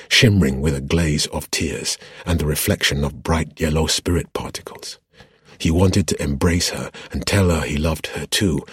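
A man narrating a fantasy novel as an audiobook in a steady, measured way. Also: rumbling low, husky, no room sound, studio quality.

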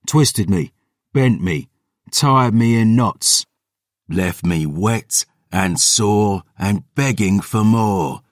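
A man's voice: fairly low pitch, extremely slow, no echo, studio quality. A man voicing a cruel, bitter young male lordling in an audiobook, with a taunting, sneering manner. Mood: cruel mockery.

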